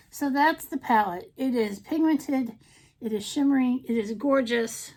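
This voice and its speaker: A woman's voice: high voice, unhurried, a little mellow. A middle-aged woman chatting casually in a makeup vlog, playful and talkative, now and then slipping into silly sing-song bits. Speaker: beauty vlogger.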